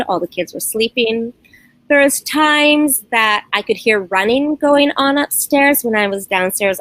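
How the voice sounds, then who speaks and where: A woman's voice: mid-range voice, a bit bright, no room sound, low-quality recording. A middle-aged woman recounting strange happenings in her home for a documentary interview, earnest and storytelling, often quoting her children. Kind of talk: personal account, documentary interview.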